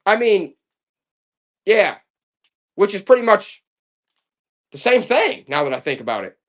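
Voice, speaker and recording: Lively, joking live auction seller. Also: mid-range voice, unhurried, pauses often. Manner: joking, playful sales banter. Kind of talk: live auction stream patter.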